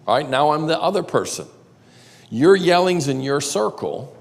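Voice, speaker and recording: A man's voice: medium pitch, big pitch swings, normal speed. A man teaching a live seminar to an audience in a church auditorium, talking conversationally and quizzing the listeners with questions. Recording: reverberant live hall.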